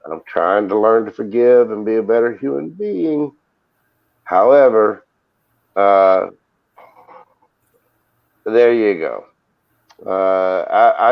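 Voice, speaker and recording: A man chats slowly on a live stream, joking around and swearing for effect. His voice sits a bit low. The audio is muffled and lo-fi. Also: vocal fry. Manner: joking and profane, drawn-out. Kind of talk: casual live-stream chat.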